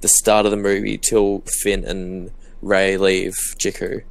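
A man's voice: low-pitched, monotone, a little slow, vocal fry. A young man chatting casually while co-hosting a game session, rambling and packing his talk with "like". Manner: rambling, lots of "like" fillers, upbeat. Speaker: gaming co-host.

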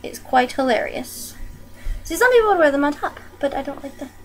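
A woman's voice: sits high, animated, brisk, music in the background, rough recording. A young woman chatting casually in a home vlog, bubbly and giggly, with sudden squeals. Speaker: vlogger. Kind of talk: casual chat.

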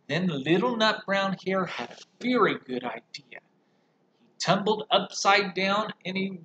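Music teacher reading to kids: a man with a lively, animated pitch and an unhurried pace. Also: a little hiss or hum, poor audio. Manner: warm, explaining and gently animated. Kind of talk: reading a picture book aloud to young pupils.

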